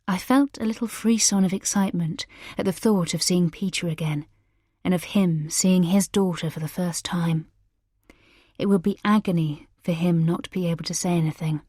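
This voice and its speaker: Woman narrating a thriller, low and dry. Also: steady tone, moderate pace, mellow, husky, no room sound. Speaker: audiobook narrator. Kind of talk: first-person scripted narration.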